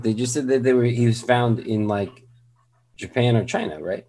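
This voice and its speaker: Husky male podcast co-host. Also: normal speed, mellow. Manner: jokey, bursts into squeaky put-on voices. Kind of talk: casual chat.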